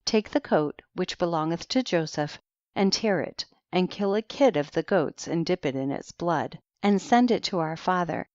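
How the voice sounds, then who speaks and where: Scheming young brother, read by a woman, calm persuasive counsel, low voice, dry slightly muffled sound. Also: normal speed, dry recording. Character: scheming young man, a brother giving advice.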